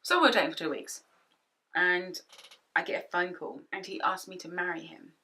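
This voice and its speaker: A woman's voice: lowish voice, moderate pace, rough recording. A British woman in her twenties telling a personal story in a storytime vlog, acting out both sides of the conversations. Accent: British English. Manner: animated storyteller, acts out both sides in quotes. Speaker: vlogger. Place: home office. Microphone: camera-mounted shotgun mic.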